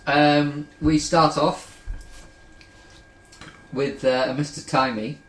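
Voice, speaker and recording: Male co-host, halting and wry, slightly high, echoey room. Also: fairly even intonation, fairly bright tone. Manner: hesitant with many ums, wry. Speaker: podcast co-host reading listener answers. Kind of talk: casual banter. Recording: roomy with faint noise.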